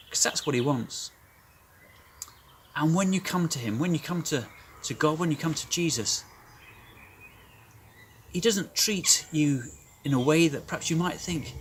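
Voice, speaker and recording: Brief: male kids' club leader, storyteller, slightly higher voice, faint hiss behind. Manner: animated, emphatic storytelling. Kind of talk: telling a Bible story to children.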